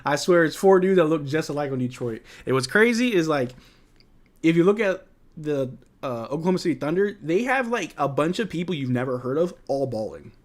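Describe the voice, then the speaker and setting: Man, fan livestream host, casual play-by-play, fairly high voice, excitable. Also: brisk. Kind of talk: live watch-along commentary and chat.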